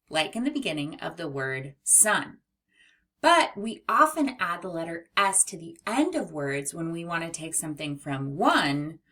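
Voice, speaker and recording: Slow, lively woman teaching phonics. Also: on the low side. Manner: slow, exaggerated sounding-out of letters. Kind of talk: children's phonics lesson.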